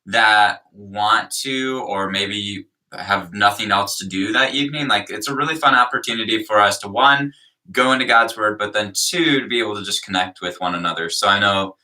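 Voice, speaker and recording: A man's voice: fairly low pitch, moderate pace, sharp tone, far from the mic. A young man, a youth pastor, chatting casually on a livestream in an easygoing, rambling way.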